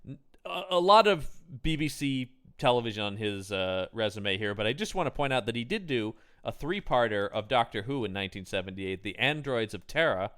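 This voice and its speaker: A man's voice: mid-range voice, animated, a little fast, fairly bright tone, smooth. A man co-hosting a casual film review podcast, chatty and full of cast trivia and jokes. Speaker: podcast co-host.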